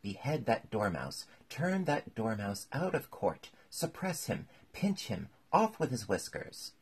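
Brief: a man playing a raging storybook queen, loud ranting orders, raspy and gravelly. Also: medium pitch, big pitch swings, unhurried, pitched above the performer's own voice, full character voice. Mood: furious. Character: furious, shrieking storybook queen.

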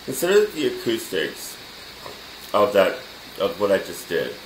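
A man's voice: sits low, wildly swooping pitch, unhurried. A man teaching the basics of audio in a casual way, laid back and chuckling often as he talks from his home studio. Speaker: DJ and music production teacher. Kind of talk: casual spoken lesson. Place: home studio room with computer. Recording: roomy room echo, faint noise.

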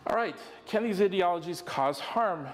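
A man's voice: high-pitched, lively intonation, moderate pace. A man, a professor, explaining ideas in a wry, explanatory way during a lecture discussion. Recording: reverberant hall, faint noise.

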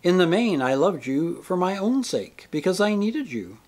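A man voicing a radiant, saintly woman spirit who speaks tenderly and with gentle teasing in a storybook reading. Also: high voice, big pitch swings, moderate pace, pitched above the performer's own voice. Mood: earnest.

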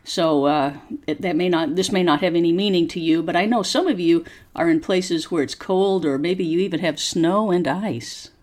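A woman from Arkansas teaching English on a podcast, chatting casually and then reading a story slowly for learners to repeat. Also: fairly low pitch. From Arkansas, USA. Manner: chatty and relaxed, reading text slowly and deliberately. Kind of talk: podcast lesson with slow read-aloud for listen and repeat.

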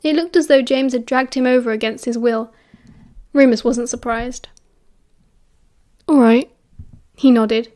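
A woman with a British accent reading an audiobook in an even, measured way. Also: on the high side. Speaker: audiobook narrator. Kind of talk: audiobook narration.

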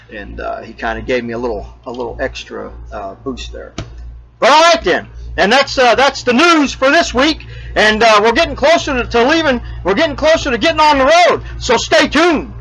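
A man hosts a homemade RV show, his medium-pitched voice fairly bright despite the poor audio. He chats casually and rambles, tells a joke, and fills his talk with fillers and restarts.

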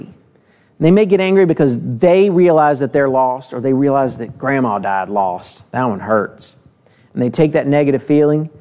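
A man preaching a sermon in a church, reading scripture with lively acted voices and then talking plainly to the congregation with direct questions. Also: medium pitch, gravelly. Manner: asks the listeners direct questions.

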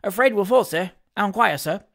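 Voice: medium pitch, animated, fairly quick, vocal fry, fairly bright tone. A narrator voicing a deferential, unsure inn waiter who hesitates over his answers in a storybook reading. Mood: hesitant. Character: unsure inn waiter, a servile working man.

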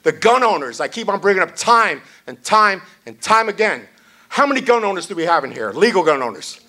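A man's voice: high voice, big pitch swings, fairly quick, pushed and bright. A man chairing a party event, giving a blunt, salty, off-the-cuff rally speech.

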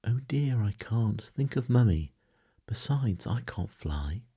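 A man voicing an eager, well-mannered young girl in a hushed, breathy bedtime story reading. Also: extremely low pitch, animated, takes it slowly, full character voice. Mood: pleading.

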